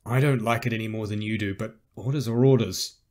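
A man voicing a weary middle-aged rebel captain, gruff and resigned but commanding, in an audiobook. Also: fairly low pitch, steady tone, fairly quick, darkish tone, lightly acted.

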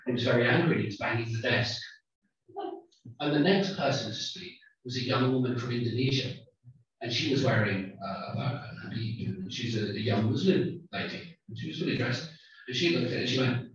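A male guest lecturer talks to his audience in a chatty, joking manner, slipping in Korean phrases. His voice sits mid-range and booms around a large, reverberant hall. It was picked up from far away and sounds a little muffled. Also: a little fast. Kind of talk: public lecture. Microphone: microphone, far from the recorder. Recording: echoey distant dull hall recording.

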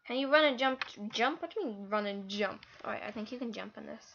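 Female gamer, excitable commentary, high voice, dull lo-fi mic. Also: fast talker, creaky, a little hiss or hum. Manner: excitable, exclaiming, easily frustrated. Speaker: gaming channel host. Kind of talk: live gameplay commentary.

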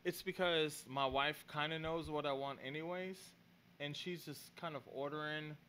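A man's voice: on the high side, steady tone, moderate pace, sharp tone, clear, resonant tone. A man co-hosting a podcast, talking in an easygoing, rambling way with frequent restarts. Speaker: podcast co-host. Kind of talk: casual chat.

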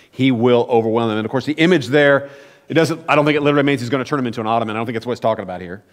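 Pastor, male, lively storytelling preacher, slightly high voice, church hall echo. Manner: animated, conversational storytelling with rising emphatic peaks. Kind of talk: sermon. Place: church sanctuary. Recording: long church hall reverb.

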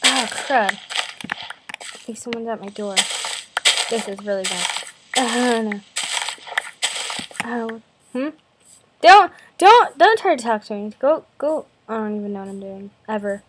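A woman's voice: on the high side, expressive, slow pace, long pauses, very noisy. A young woman with a slight cough from a cold, chatting in a self-deprecating, jumpy way over her gameplay in her bedroom. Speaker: gaming video host. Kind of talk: casual gameplay commentary. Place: bedroom at home.

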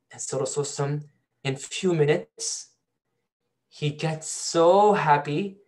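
A man's voice: mid-range voice, moderate pace, a little mellow. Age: adult. Sex: man. Role: teacher. Style: storytelling Quran lesson to a class, quizzing students. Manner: storytelling, asks the class questions. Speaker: Islamic studies teacher.

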